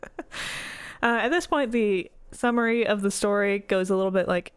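A woman's voice: medium pitch, moderate pace, smooth, no room sound. A woman hosting a casual comedic podcast, retelling a folktale and laughing often. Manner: summarizing a story, laughs often.

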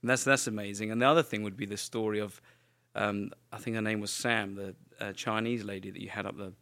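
Deep-ish gravelly guy, guest on a chat show, easygoing and reflective. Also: fairly even intonation, quick pace, fairly bright tone. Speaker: guest songwriter. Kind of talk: casual chat.

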